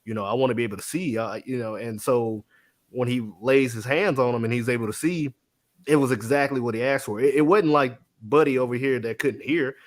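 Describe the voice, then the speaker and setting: Male guest, mid-pitched, animated storyteller who acts out quotes. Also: normal speed. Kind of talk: casual faith-based conversation.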